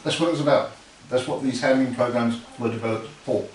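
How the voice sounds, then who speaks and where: A man, a dog breeder, casually explaining puppy handling while talking softly to the pups. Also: medium pitch, fairly even intonation, a little fast, far from the mic. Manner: talks softly to puppies between explanations. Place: kennel with puppies. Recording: roomy, from off-mic, with crowd noise.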